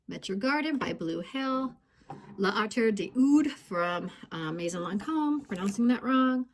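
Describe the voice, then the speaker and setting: A woman's voice: mid-range voice, slight background noise. Woman perfume vlogger, casual, slightly breathless, self-correcting, handheld phone gimbal at home. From United States. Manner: chatty, self-correcting, stumbles over names. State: a bit out of breath. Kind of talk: casual vlog ranking.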